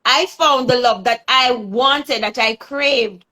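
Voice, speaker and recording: A woman's voice: a little high, slow, pushed and bright. A Jamaican woman on a live talk show, telling her dating story with emphatic storytelling. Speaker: panel guest. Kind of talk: casual chat.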